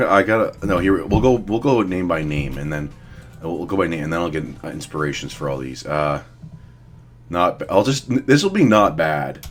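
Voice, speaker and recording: A young man giving blunt, profane, rambling casual commentary as he ranks fitness figures. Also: deep voice. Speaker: fitness vlogger. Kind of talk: casual commentary ranking influencers.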